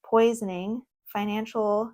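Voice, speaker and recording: A young woman in a casual vlog, reviewing an oracle deck at home, reading card meanings aloud between excited, chatty asides and laughs. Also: mid-range voice, takes it slowly. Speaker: tarot content creator. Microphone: own microphone.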